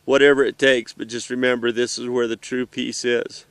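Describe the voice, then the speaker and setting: A middle-aged man gives a heartfelt, halting message to his children while seated outdoors in the mountains. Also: medium pitch, level tone, clean tone, no room sound. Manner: earnest, emotional, halting. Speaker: father addressing his children.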